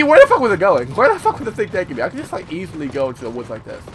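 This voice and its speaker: A man giving let's play commentary over a video game, loud, joking and heavily profane. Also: high-pitched, wildly swooping pitch, very fast, hardly any pauses, slightly rough. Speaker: gaming video host.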